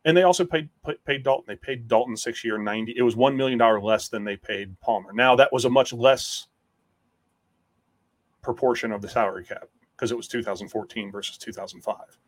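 Man, sports writer guest, analytical, casual podcast chat, dry close sound, mid pitch. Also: brisk, no echo. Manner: analytical, cites figures.

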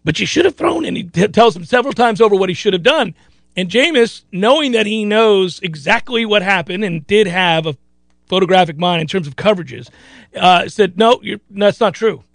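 Animated, laughing sports radio host man. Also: sits high, normal speed, vocal fry, no room sound. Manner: animated, laughs often, acts out quotes loudly. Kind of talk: casual sports radio storytelling.

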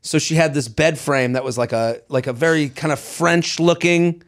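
A man's voice: on the high side, moderate pace. A man co-hosting a podcast in casual chat, reading a listener letter and laughing often. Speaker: podcast co-host.

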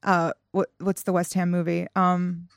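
A woman's voice: on the low side, creaky, dry recording. Chatty young woman, dry close sound. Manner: animated, quick to laugh, frequent fillers. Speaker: podcast guest. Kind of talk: casual chat.

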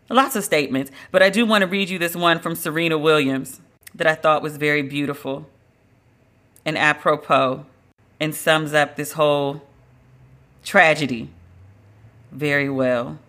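A woman's voice: low voice, fairly even intonation, unhurried, pauses often, a bit bright. A woman hosting a solo podcast, talking in a blunt, emphatic, conversational way and drawing out the words she stresses. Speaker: podcast host.

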